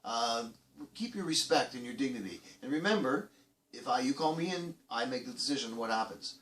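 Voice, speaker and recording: A man's voice: medium pitch, animated, fairly quick, roomy sound, recorded from a distance. A man hosting a children's program, talking casually to kids in a rambling way with many restarts and fillers. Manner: acts out quoted voices loudly.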